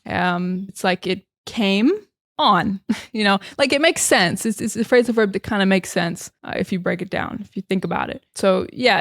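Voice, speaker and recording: A woman's voice: mid-range voice, moderate pace, dry recording, clean studio sound. A young American woman teaching English in a casual podcast style, chatty and full of fillers and restarts.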